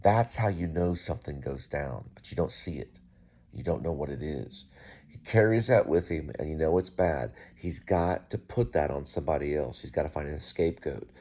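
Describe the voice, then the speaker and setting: A man's voice: a bass voice, normal speed, darkish tone. A middle-aged man hosting his own show, rambling through a casual monologue with many restarts and asides. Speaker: host.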